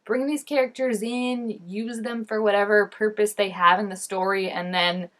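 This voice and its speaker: Young woman vlogger, mid-pitched, talkative, expressive reactions, playful over-the-top outbursts. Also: moderate pace. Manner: chatty and expressive, lots of fillers and laughs; mock-dramatic exclamations at the screen. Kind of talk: casual reaction commentary.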